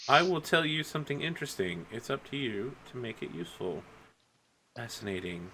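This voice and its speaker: A man's voice: mid-range voice, sing-song, fairly quick, bright, forceful tone, slight background noise. A man running a tabletop game as game master, narrating casually with loose filler words.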